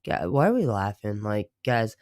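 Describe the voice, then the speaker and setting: A man's voice: on the low side, big pitch swings, moderate pace, darkish tone, no room sound, clean studio sound. Rambling, swearing young man. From Baltimore, United States. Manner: rambling, swearing, many fillers. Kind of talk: casual livestream chat.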